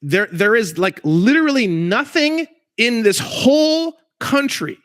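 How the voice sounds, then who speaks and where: A man's voice: very high voice, expressive, unhurried, a bit bright, no echo. Emphatic, profane man with a dry sound. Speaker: guest legal researcher. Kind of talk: casual conversation on a call.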